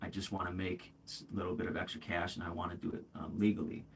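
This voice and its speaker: Quick and flat, a forties-aged livestream host rambles candidly, full of fillers and restarts, calling his viewers "bro" and "man." His low voice carries vocal fry, and there's a little hiss or hum in the recording.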